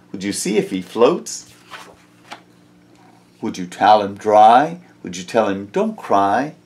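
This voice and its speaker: A man reading picture books aloud to children in a gentle, expressive storybook manner. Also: on the low side.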